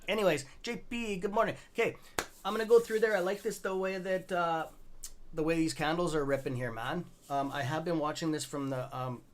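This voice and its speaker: A middle-aged Canadian man hosting a stock trading livestream, rambling loosely and greeting viewers by name in a friendly, casual way. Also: a little high.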